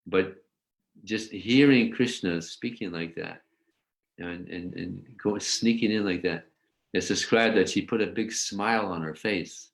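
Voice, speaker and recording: A man giving a scripture class, explaining a verse and telling stories in an animated way. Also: deep voice. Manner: animated storyteller, acts out voices. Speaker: religious teacher.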